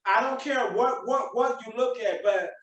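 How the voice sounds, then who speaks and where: A man's voice: extremely high pitch, moderate pace, fairly bright tone, far from the mic. A man hosting a podcast, giving a preachy motivational talk with emphatic repetition. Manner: preachy, emphatic, repeats himself. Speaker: podcast host. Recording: echoey room, away from mic.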